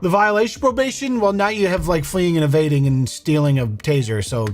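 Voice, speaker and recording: A man's voice: on the high side, brisk. A young man giving amused, wry commentary on a video clip, laughing now and then. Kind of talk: casual reaction commentary.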